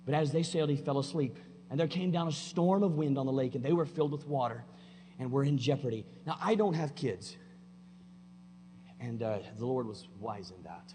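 A man preaching a sermon in a church, folksy and plainspoken, swinging between loud emphatic declarations and quiet conversational asides. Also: medium pitch, a little fast. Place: church sanctuary. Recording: long hall reverb with faint hum.

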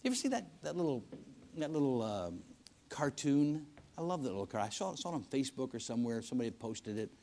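A man preaching a sermon in a church service, telling stories in a folksy way, swinging between loud emphasis and hushed lines. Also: mid-range voice, big pitch swings, quick pace, vocal fry, slight background noise. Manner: folksy storytelling with repetitions and restarts.

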